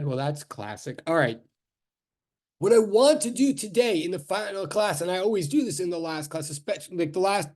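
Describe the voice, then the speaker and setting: A man with a notably high voice teaches physics to a class. He talks in a loose, chatty way, stopping mid-sentence, restarting and going off on asides before getting back to the lesson. He sounds middle-aged and at ease in front of the room. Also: a little mellow. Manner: chatty, self-interrupting, full of fillers and restarts. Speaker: physics professor. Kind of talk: rambling classroom lecture.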